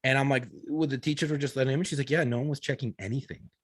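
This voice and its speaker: A man's voice: medium pitch, steady tone, racing, no room sound. A man in his thirties, a podcast co-host, telling a story in casual, profane talk full of quoted dialogue. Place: podcast studio.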